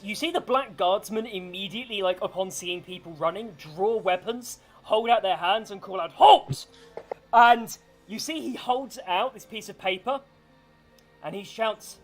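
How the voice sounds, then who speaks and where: A man's voice: sits high, moderate pace, fairly bright tone. Male game master, casual storyteller, faint music behind. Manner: casual, swears freely. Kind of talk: narrating a tabletop game.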